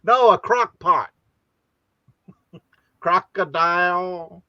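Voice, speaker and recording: A man hosting a casual live-stream chat, easygoing and quick to laugh at his own jokes. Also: high voice, very animated, bright, forceful tone, no echo, lo-fi sound. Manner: laughs often, joking and easygoing. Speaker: host of a live chat show.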